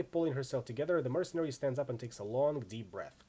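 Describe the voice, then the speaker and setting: A man reading a game's narration and dialogue aloud, with a soft, low narration and a playful edge. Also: expressive, quick pace, hardly any pauses, slightly rough. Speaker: game reader.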